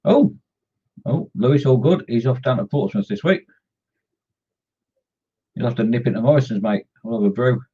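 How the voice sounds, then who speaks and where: A man with a slightly husky voice chats away on a hobby live stream, calling out to viewers and cracking small jokes. His pitch sits in the middle for a man. The sound is muffled and lo-fi, like a cheap home microphone. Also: moderate pace, pauses often, mellow. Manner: chatty, greets viewers by name, jokey. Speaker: scale model hobby streamer. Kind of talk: casual live-stream chat while modelling.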